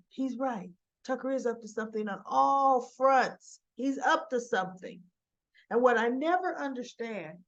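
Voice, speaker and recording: Chatty woman recapping soaps, lo-fi sound. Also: fairly high pitch. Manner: chatty, rambling retelling with acted quotes. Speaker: soap opera recap vlogger. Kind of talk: casual recap chat. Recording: dull lo-fi recording.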